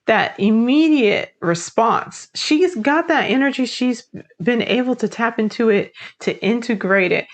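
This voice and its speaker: A woman's voice: a little high, gravelly. A woman tarot reader talking casually to her viewers, chatty and encouraging, with a lot of "like" as she walks through the cards. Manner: chatty, encouraging, uses "like" often. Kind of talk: casual tarot reading to camera.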